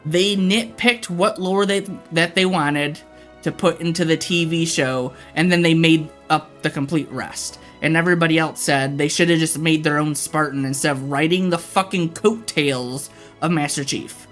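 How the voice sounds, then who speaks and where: A man's voice: fairly high pitch, normal speed, fairly bright tone, soft background music. A man livestreaming, ranting casually and profanely to his chat.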